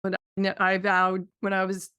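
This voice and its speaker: A woman's voice: mid-range voice, completely flat delivery, moderate pace, bright, forceful tone, smooth, dry recording, lo-fi sound. A middle-aged woman hosting a podcast, asking chatty, reflective questions. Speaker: podcast host. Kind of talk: podcast interview.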